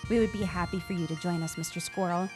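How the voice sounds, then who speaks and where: A woman voicing a polite, earnest young lady adventurer in a courteous, measured way. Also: on the low side, fairly even intonation, over music, natural voice.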